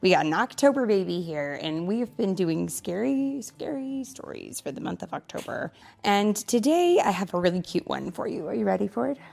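A woman reading a picture book aloud to her child, animated and stopping to ask questions. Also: medium pitch, moderate pace, gravelly.

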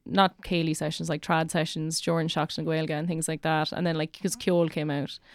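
A young Irish woman who works as a teacher chats casually on a podcast, filling her speech with "like." Her voice sits low, and she talks fairly quickly in a flat way, with no echo.

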